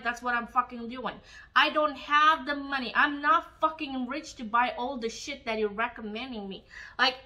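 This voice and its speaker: Bright-voiced woman ranting, swearing. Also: high-pitched, rough recording. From Romania. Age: young adult. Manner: angry, swearing rant. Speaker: beauty vlogger. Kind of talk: ranting while doing makeup.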